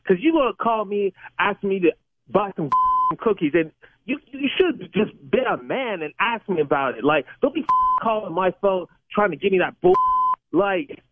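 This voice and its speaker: A man's voice: high-pitched, lively intonation, moderate pace, no echo. A man on a phone call, angry and defensive, stammering and repeating himself. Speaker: prank call target. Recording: tinny phone line, dry.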